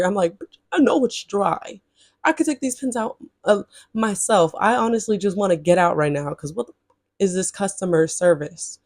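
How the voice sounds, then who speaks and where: Animated woman telling a storytime rant. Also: no room sound, clean studio sound. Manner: animated, swings into high exasperated outbursts; chatty, talks straight to viewers as "y'all". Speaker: storytime vlogger. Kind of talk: casual storytelling to camera.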